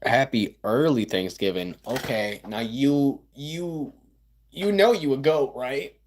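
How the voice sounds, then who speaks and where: A man's voice: mid-range voice, slow. A man, chatting casually with livestream viewers, rambling with stammers and sarcastic asides.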